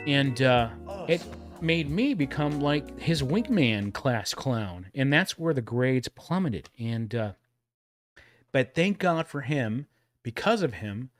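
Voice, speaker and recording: A chatty Texan man in his forties hosts a casual livestream, rambling between clips and laughing at his own jokes. His voice sits at an ordinary middle pitch. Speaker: livestream host reacting to old commercials.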